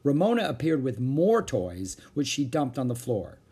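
Raspy, expressive man reading a children's book. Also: medium pitch, moderate pace. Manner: expressive storytelling. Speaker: storyteller.

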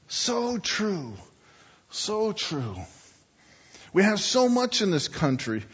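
A man preaching a storytelling sermon in a church, drawing his listeners in with rhetorical questions. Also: a little high. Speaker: guest preacher. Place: church sanctuary. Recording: dull church recording with long hall reverb.

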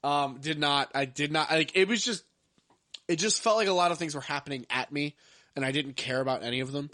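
A man's voice: a little high, fairly quick, bright, forceful tone, no room sound, studio quality. A man hosting a podcast, chatting casually about movies he ranks, rambling with lots of filler words. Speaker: podcast host. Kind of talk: casual movie-ranking chat.

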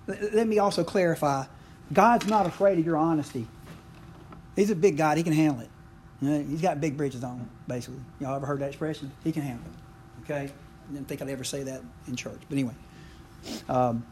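Man preaching, middle-aged, slightly high voice, folksy asides, faint hiss behind. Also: mellow. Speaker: pastor. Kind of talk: sermon.

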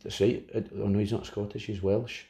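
A man co-hosting a casual football podcast, telling stories with a lively delivery and slipping into impressions. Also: on the low side, normal speed, echoey room. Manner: lively storyteller, slips into impressions of people. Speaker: podcast co-host.

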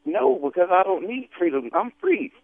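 A man on the phone, indignant and quick, swearing at a prank caller. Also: sits high, big pitch swings, gravelly, dry recording. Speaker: prank call target. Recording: tinny phone line, dry.

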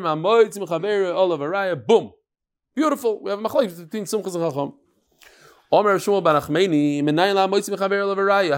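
Animated man teaching Talmud. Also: high voice. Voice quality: animated, storytelling with acted quotes and sudden loud punches. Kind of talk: lively Talmud lecture.

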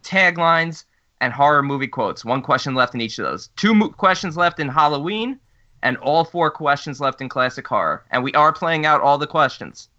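A man hosting a casual horror movie quiz among friends, talking in a lively, joking way. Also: a little high, normal speed. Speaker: quiz host. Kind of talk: casual game chat. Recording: dull lo-fi sound.

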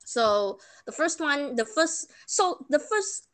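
A woman's voice: high-pitched, big pitch swings, slow pace, a bit bright, a little hiss or hum. A young woman from Malaysia, chatting casually and telling stories with laughter and sarcastic asides. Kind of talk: casual chat.

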